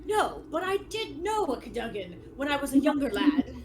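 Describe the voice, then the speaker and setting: Woman playing Sir Bernard, a booming skeleton knight. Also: big pitch swings, moderate pace, a crowd in the background, poor audio. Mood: boastful. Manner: booming archaic challenges. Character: boastful honorable skeleton knight, male, old-fashioned.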